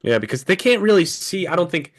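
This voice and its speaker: His voice is a little high and his delivery brisk. A podcast co-host in casual chat, he's somewhat winded, curses often, and brings his stories to life by animatedly acting out what was said.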